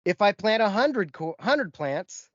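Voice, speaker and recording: Male podcast co-host, animated storyteller, slightly high voice, dry lo-fi sound. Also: a little slow, no echo. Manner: animated storyteller, acts out quotes. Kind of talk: casual storytelling chat.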